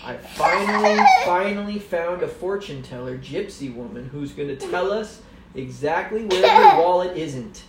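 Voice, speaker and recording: A bumbling Irish private eye, as a woman puts him on, eager and boastful, talking loud with lively ups and downs. The room is echoey and noise runs underneath. A storybook detective sure of his own nonsense. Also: on the high side, measured pace, distant mic.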